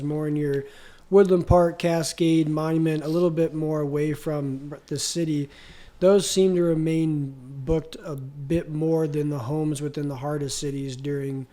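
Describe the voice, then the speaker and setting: A man's voice: fairly high pitch, dark tone. A man co-hosting a casual business podcast, talking in a reflective, hesitant way and often repeating words. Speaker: co-host.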